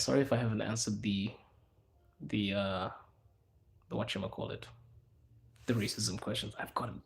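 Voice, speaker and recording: A man from Zimbabwe hosting a casual livestream, chatting loosely with viewers and answering their questions in a relaxed, slangy, rambling way. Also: lowish voice, vocal fry. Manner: relaxed, slangy, rambling with fillers and self-corrections. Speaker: livestream host.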